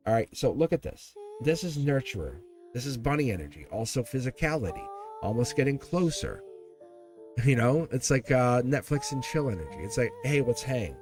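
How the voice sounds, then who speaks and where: Chatty tarot reader, lively man. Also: medium pitch. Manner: chatty, teasing, laughs often. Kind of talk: live-stream tarot reading. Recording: music playing behind the voice. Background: background music.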